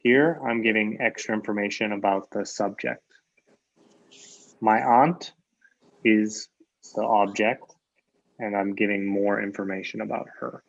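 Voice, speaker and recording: Speaking a little slowly in a steady, lowish voice with vocal fry and frequent pauses, a man gives an online English grammar lesson. He leans on examples, repeats key phrases and keeps asking "right?", all in a dull, lo-fi recording.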